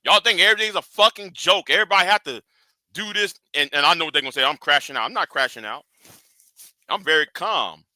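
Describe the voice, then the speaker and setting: Man ranting on his stream, bright cutting voice, super dry close sound, cussing and scolding, loud then quiet. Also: high voice, quick pace, dry recording. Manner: animated, profane, scolding; swings from shouting to hushed. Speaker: livestream host. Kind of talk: heated livestream rant.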